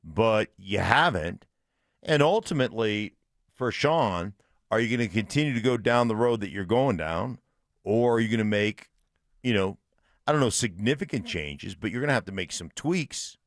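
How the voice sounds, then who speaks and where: A man co-hosting morning sports talk radio, making his points in a measured, reasoning way. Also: fairly low pitch, animated, no room sound, studio quality. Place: radio studio.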